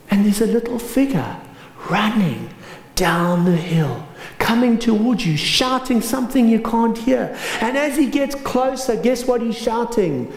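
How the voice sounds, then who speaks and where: A man preaches a sermon with dramatic storytelling, rising loud and then dropping to a hush. His pitch swoops widely. The room adds a noticeable echo. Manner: dramatic storytelling, swinging from raised to hushed. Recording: roomy echo.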